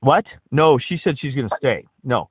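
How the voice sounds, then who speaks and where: A man's voice: medium pitch, expressive, normal speed, breathy edge, no room sound, poor audio. A man telling a rambling, profane anecdote in a casual way, often checking in with "right?". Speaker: storyteller.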